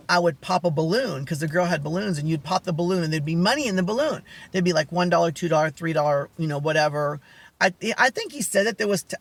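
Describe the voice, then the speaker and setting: A man's voice: on the high side, creaky, fairly bright tone. A young man casually telling a long personal story, rambling with many fillers and acting out phone calls.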